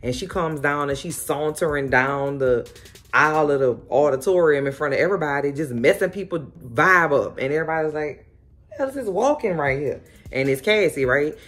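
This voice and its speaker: A woman hosting a casual recap of a TV episode, telling it in a sassy, animated way full of exclamations. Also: low-pitched, a little fast, soft background music. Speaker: host.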